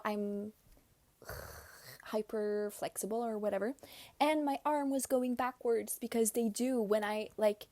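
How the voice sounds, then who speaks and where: A woman's voice: on the high side, dark tone, no echo. A young woman hosting a casual podcast while doing her makeup, telling stories in a confiding way and often dropping to a whisper. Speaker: podcast host. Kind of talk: casual storytelling chat.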